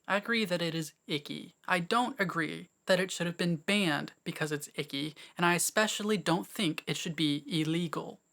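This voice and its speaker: A man's voice: fairly high pitch, moderate pace, creaky, hardly any pauses, pushed and bright. A man presenting a scripted commentary video essay, making wry, sarcastic asides between points.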